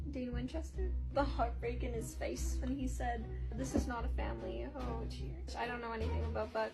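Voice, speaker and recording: Excitable woman reacting with laughter. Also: high voice. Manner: excitable, laughs often, swears casually. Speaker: TV show reaction creator. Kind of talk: casual reaction commentary.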